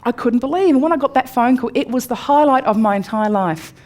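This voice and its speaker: An Australian woman in her forties tells a candid personal story to a live audience. Her telling swings from upbeat to hushed. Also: fairly high pitch, a little fast. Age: 40s. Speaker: speaker. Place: room before a live audience.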